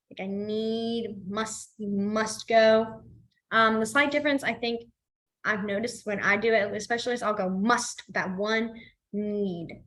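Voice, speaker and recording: A young woman, teaching a sign language class in a chatty, casual way full of fillers, going quiet as she demonstrates signs. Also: fairly high pitch. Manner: chatty, many fillers, drops to quiet when signing.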